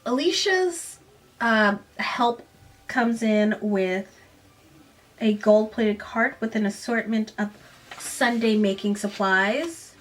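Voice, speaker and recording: A woman's voice: a little high, slow. A young woman casually recapping a novel, reading short passages aloud and breaking off into sarcastic asides. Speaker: book reviewer.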